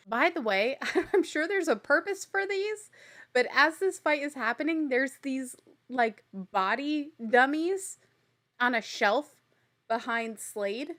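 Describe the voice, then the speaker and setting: A woman hosting a recap show, telling the story in a chatty, blunt way with casual swearing and animated exasperation. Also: high voice, measured pace. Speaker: podcast host recapping a reality show.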